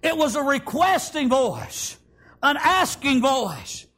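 A man preaching a fervent revival sermon, often shouting and punctuating with "amen" and "praise God". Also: very high voice, big pitch swings, slow.

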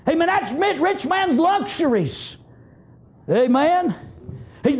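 Man, very high voice, fiery pulpit preacher, shouts his points. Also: lively intonation, slow pace, vocal fry. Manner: emphatic, shouting refrains, frequent amens. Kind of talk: fiery sermon. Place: church sanctuary.

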